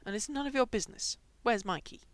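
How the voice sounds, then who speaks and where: A woman voicing a guarded young man who speaks coldly and bursts into loud, forceful shouts. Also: on the high side, animated, quick pace, dry recording, voice pushed up, close to an everyday voice. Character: guarded young man, cold then pleading.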